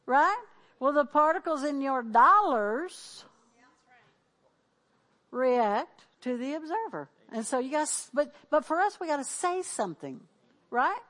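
A woman's voice: high voice, sing-song, takes it slowly, a bit bright. A middle-aged woman pastor preaching, exhorting the congregation with call-and-response and repeated declarations. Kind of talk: sermon.

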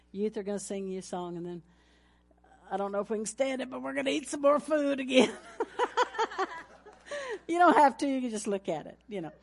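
A woman pastor, preaching a folksy sermon with announcements and laughter, ending in a fervent prayer. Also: medium pitch.

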